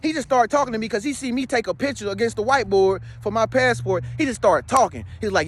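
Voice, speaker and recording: A man's voice: sits high, fast, hardly any pauses, fairly bright tone. A man speaking to viewers in a casual, rambling monologue. He is emphatic and slangy, and keeps checking in with his listener. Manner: slangy, streetwise. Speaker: spiritual vlogger.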